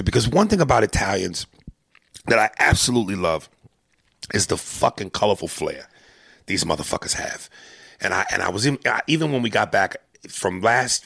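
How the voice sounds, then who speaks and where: A man hosting a podcast in casual chat, profane and excitable, tripping over his words. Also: fairly low pitch, gravelly, slightly rough, dry recording, studio quality. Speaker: podcast host.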